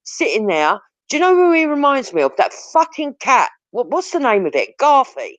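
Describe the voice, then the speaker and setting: A woman's voice: fairly high pitch, sing-song, brisk, dry recording. A woman ranting bluntly and confrontationally, swearing heavily as a live-stream talk host. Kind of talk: heated profane rant. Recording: dull lo-fi audio.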